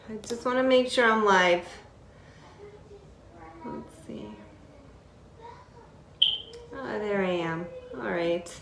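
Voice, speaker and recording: A woman's voice: medium pitch, fairly bright tone, echoey room, slight background noise. A woman hosting a casual live stream on her phone, chatty and easygoing, laughing now and then as she talks to a pet bird. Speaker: host of a parrot shop's live stream.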